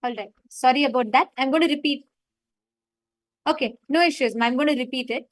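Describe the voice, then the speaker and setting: A woman's voice: high voice, fairly quick, dry recording, poor audio. A woman facilitating a live online meditation session, retelling a story and stressing her points.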